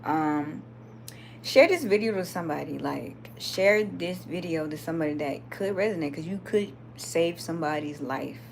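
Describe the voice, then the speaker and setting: A woman's voice: sits low, moderate pace, gravelly, a little hiss or hum. A woman from Georgia with a Southern accent, chatting casually and reading comments during a late-night live video. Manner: chatty, lively, laughs often.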